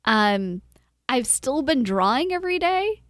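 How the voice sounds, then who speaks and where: A woman's voice: high-pitched, very animated, unhurried, fairly bright tone, no room sound, clean studio sound. A woman co-hosting a podcast in casual chat, rambling with lots of fillers and acting out her own quotes. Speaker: podcast co-host.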